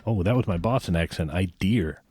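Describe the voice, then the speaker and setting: A man's voice: lowish voice, expressive, normal speed, dry recording, clean studio sound. A man hosting a podcast interview, casual, jokey and self-deprecating. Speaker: podcast host.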